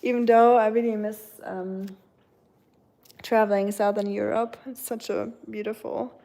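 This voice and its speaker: Woman, German accent, mellow tone, rambling livestream chat, at home. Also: mid-range voice, level tone, creaky. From Germany, near the French border. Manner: chatty and rambling, often pausing on "um", breaking off to soothe her dog. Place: at home with her dog.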